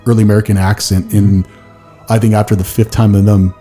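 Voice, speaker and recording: A man hosting a podcast tells long, rambling stories in casual chat, leaning on "like" and breaking into goofy put-on voices. His voice sits on the low side, with a mellow, dark tone. Faint music plays underneath. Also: flat delivery, fairly quick, breathy edge. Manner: rambling storyteller, heavy use of "like", slips into silly voices. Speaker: podcast host.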